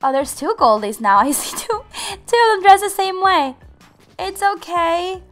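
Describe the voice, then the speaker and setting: A woman's voice: very high voice, expressive, measured pace, faint music behind. A woman hosting a game channel, giving bubbly, giggly roleplay commentary to her viewers.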